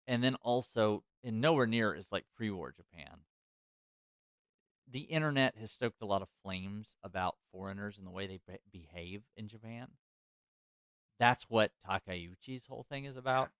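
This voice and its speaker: Podcast host, male, low smooth voice, casual storyteller, loose with "like" and restarts, dry close mic. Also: normal speed, a bit bright, no room sound. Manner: loose, filler-heavy, self-correcting.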